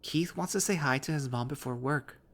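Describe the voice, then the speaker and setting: A dopey, childish young woman, snooty on top but silly underneath, as a man puts her on. Her voice sits much higher than an everyday male voice and leans whiny. She comes from a spoken visual novel reading. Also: moderate pace, fairly bright tone. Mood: eerie, repetitive. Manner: snooty flair.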